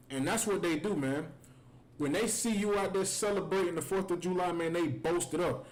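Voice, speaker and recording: A man from the United States leads a scripture breakdown on a livestream, speaking in a fairly high voice. His delivery is heated and conversational, with "man" dropped into nearly every sentence. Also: normal speed, low-quality recording. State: angry. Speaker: scripture teacher.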